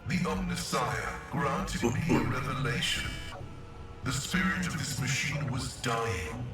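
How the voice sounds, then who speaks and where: A solemn cyborg tech priest in a video game, speaking through a vox synthesizer in formal, mechanical phrases. His voice booms with heavy echo from far away. Game music plays underneath it. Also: animated, slow pace. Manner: formal, stilted machine-like phrasing. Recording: very echoey distant voice over game music.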